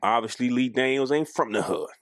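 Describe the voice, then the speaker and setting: A man co-hosting a podcast in casual chat, animated and arguing his point, acting out quoted lines. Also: mid-range voice, brisk, dry recording, clean studio sound. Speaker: podcast co-host.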